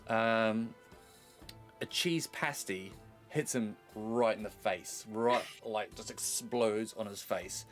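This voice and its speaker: A man's voice: fairly low pitch, slow pace, faint music behind. A man narrating as game master of a tabletop game, rambling through his descriptions. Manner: rambling, with many fillers and restarts.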